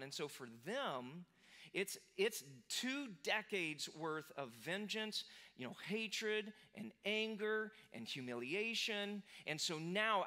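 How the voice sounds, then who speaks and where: Speaking with a high-pitched, sharp voice, a pastor gives a sermon in a church sanctuary. His delivery is chatty and peppered with fillers and restarts, and he performs the words of the characters he talks about.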